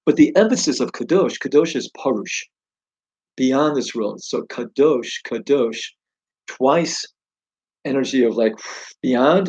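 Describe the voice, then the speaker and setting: A man's voice: mid-range voice, darkish tone, husky, poor audio. A man giving an informal, enthusiastic Torah teaching in a conversational way. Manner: enthusiastic, conversational, exclaims wow. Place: home study.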